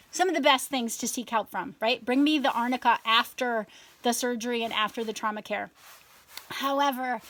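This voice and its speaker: A woman's voice: a little high, fairly bright tone. A woman farmer talking casually to camera from inside a hoop house, chatty and full of asides, acting out her own past thoughts.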